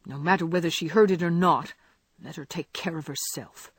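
A woman voicing a small, spiteful inner demon that mutters low, in an audiobook reading. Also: normal speed, breathy edge, dry recording, clean studio sound.

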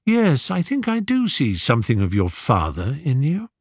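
A man voicing a gentle, soft-spoken old king. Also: mid-range voice, wildly swooping pitch, no room sound, clean studio sound, pitched above the performer's own voice. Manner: soft, measured and kindly.

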